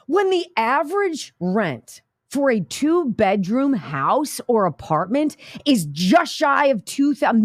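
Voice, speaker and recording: A woman's voice: a little high, dry recording, clean studio sound. A female radio talk show host giving sarcastic, combative political commentary. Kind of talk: political commentary over played clips.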